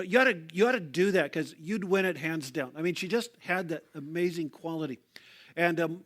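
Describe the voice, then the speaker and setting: High-voiced older male pastor telling a story. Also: fairly bright tone. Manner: conversational, vivid storytelling with frequent fillers and restarts. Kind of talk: storytelling sermon.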